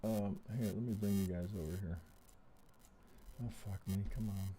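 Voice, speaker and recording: His voice is deep, warm and steady at a normal speed, with slight hiss or hum on the track. He runs a trading live stream from a close desk mic, cursing frequently and speaking plainly while he works through problems out loud.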